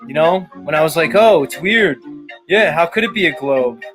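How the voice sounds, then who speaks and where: A man's voice: fairly high pitch, expressive, moderate pace, fairly bright tone, soft background music. A man hosting a livestream show, ranting in a sarcastic, mock-exasperated way and swearing often. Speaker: show host. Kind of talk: casual sarcastic livestream rant.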